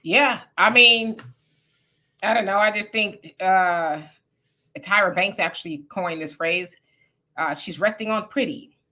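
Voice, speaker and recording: A woman's voice: medium pitch, unhurried, pauses often, sharp tone. A woman from California giving blunt, colloquial political commentary on a casual live stream.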